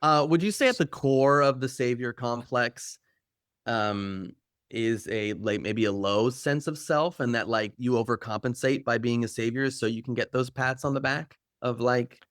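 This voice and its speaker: A man's voice: medium pitch, moderate pace, fairly bright tone, no echo, clean studio sound. A man hosting a podcast interview, talking casually with plenty of fillers and the odd swear word. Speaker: podcast host.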